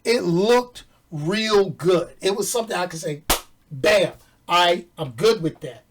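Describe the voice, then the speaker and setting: Man from New York, animated casual reviewer, joking, set back from the mic. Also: sits high, slow pace, distant mic, noisy background. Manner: animated, jokey, slangy, laughs often. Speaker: movie reviewer. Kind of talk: casual movie review chat.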